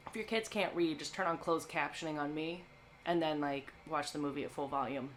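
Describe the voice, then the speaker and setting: Woman streamer chatting w her viewers, kinda low voice, faint hum behind. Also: a little fast. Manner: chatty and playful, talks straight to chat. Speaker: streamer hosting a movie watch-along. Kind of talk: casual live-stream chat.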